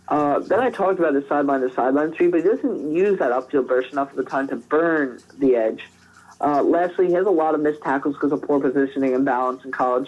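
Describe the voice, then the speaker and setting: A man's voice: a little high, a little mellow, lo-fi sound. Man co-hosting a draft podcast. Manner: conversational, frequent restarts and fillers. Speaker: podcast co-host. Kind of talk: casual draft analysis.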